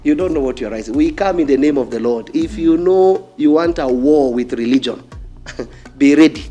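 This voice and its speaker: A man's voice: on the high side, fairly quick, warm tone, soft background music. A man with a Kenyan accent preaching a fiery sermon, repeating phrases and challenging his listeners directly. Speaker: pastor.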